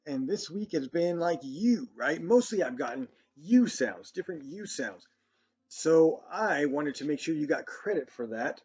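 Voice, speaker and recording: Give me a male teacher for young kids, with a slightly raised, husky voice, who talks slowly and warmly praises every answer. The recording is dull and lo-fi, with faint music underneath. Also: fairly high pitch. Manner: slow, encouraging, praising often. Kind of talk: children's phonics lesson.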